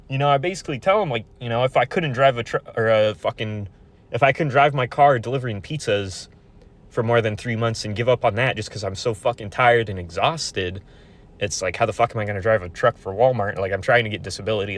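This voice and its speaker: Brief: twenty-something guy, low voice, swearing a lot, rambling vent with lots of restarts. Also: brisk. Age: 20s. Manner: profane, rambling, frequent restarts. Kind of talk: casual venting monologue.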